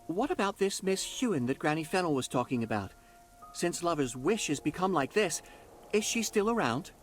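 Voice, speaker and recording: A man's voice: a little high, sing-song, moderate pace, soft background music. A man voicing an earnest young male adventurer in a video game, speaking in a concerned, questioning way. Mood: worried.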